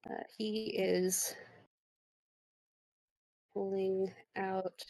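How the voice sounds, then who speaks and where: A woman running a tabletop game as game master, speaking at an unhurried, measured pace. Her voice is dry and close. She calmly affirms the players' moves. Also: mid-range voice, dry recording.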